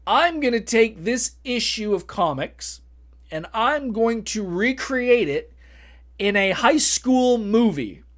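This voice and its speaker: A man's voice: very high voice, expressive, slow, a bit bright. A man in his late thirties hosting a podcast, telling a rambling, self-mocking story with laughs. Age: late 30s. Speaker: podcast host. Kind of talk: casual podcast chat.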